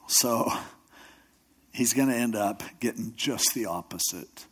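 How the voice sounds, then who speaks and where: A mid-range, slightly rough voice belongs to a pastor and radio host preaching unhurriedly in a conversational sermon style. He tells stories and acts out quotes in other voices, speaking loosely with restarts and asides.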